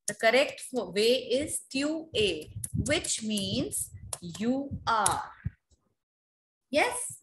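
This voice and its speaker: A woman with an Indian accent teaching a French class online, repeating drills slowly for students to echo over a video call. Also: high-pitched, big pitch swings, background noise. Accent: Indian English.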